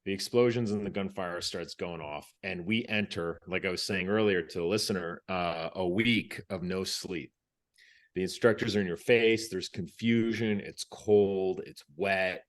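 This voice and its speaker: A man's voice: low voice, moderate pace. A man from the United States, a former Navy SEAL, telling a story as a podcast guest. He talks casually, acts out what people said and restarts his phrases.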